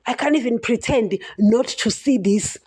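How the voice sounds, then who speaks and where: A woman's voice: fairly high pitch, normal speed, a little mellow, slightly rough. A woman preaching on a podcast, impassioned and emphatic, who keeps calling out to her listeners as "guys". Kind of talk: podcast sermon.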